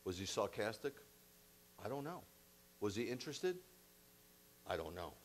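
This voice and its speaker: A man's voice: lowish voice, very animated, normal speed. A man preaching a sermon as rabbi, emphatic and conversational with blunt asides.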